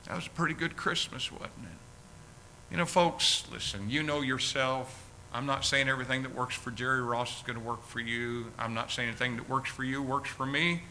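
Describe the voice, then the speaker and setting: A male preacher delivers his sermon in a folksy, earnest storytelling way. His voice is bright and forceful and sits at a middle pitch. A faint noise runs under the recording. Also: steady tone, a little fast, hardly any pauses, rough recording. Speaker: pastor. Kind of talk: sermon with closing prayer.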